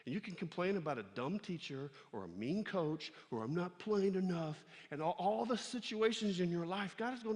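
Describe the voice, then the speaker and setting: A man preaching a lively sermon to students, telling a story and acting out its voices. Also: high-pitched, a little fast, hardly any pauses, in a large hall. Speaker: pastor. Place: church hall.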